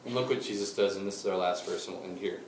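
A man preaching a sermon, telling a Bible story with lively acted-out voices and then slowing into quiet, intense appeals. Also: sits low, slight background noise. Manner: animated storytelling, acting out quotes, dropping to quiet intensity. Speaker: pastor. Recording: roomy and distant with faint ambience.

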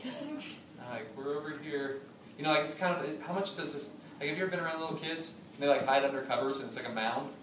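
A man in his thirties delivers a sermon with a slightly high voice, moving between scripture reading and playful, storytelling asides. He is picked up from some distance in an echoey church hall, with faint room noise behind him. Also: quick pace. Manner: conversational preaching, humorous asides, animated storytelling. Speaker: pastor.

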